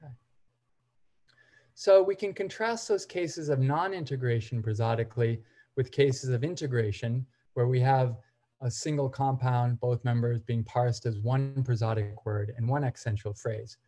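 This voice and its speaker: A man gives an academic seminar lecture in a mid-range voice. He explains methodically, point by point, and sometimes pauses on brief hesitation fillers. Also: medium pitch, warm tone. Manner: methodical, explains step by step while walking through examples. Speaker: seminar presenter.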